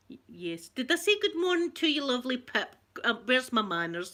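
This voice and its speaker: A middle-aged Scottish woman chatting softly for an ASMR video, telling stories in a relaxed, rambling way with local words. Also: sits high, unhurried, pauses often. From Scotland. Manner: chatty storytelling, local words like wee and yous. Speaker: ASMR creator. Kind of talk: soft-spoken ASMR chat.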